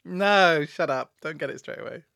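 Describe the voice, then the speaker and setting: A man's voice: a little high, animated, moderate pace, gravelly, bright, forceful tone, dry recording. A man co-hosting a podcast in a studio, chatting in a camp, playful, teasing way with frequent giggles. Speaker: podcast co-host. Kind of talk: camp, bantering casual chat.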